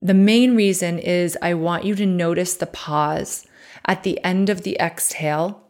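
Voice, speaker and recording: A woman podcast host and coach leading a guided breathing meditation, talking softly and calmly and counting breaths aloud. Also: fairly low pitch. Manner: slow, soft and calm, counting breaths aloud.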